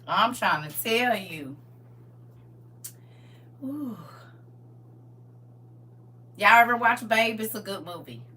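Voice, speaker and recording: A woman pastor talking casually on a live stream about faith, swinging from loud exclamations to hushed asides. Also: medium pitch, expressive, slow pace, long pauses, distant mic.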